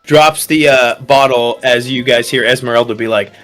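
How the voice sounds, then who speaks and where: A man's voice: medium pitch, steady tone, moderate pace, a bit bright. A man narrating as game master of a tabletop horror campaign, talking loosely with lots of fillers, with faint music in the background.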